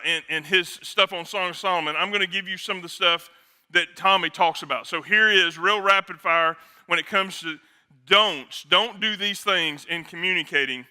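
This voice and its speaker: A middle-aged man, a pastor, preaching a sermon in a joking, conversational way with quick asides. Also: high voice, bright, forceful tone.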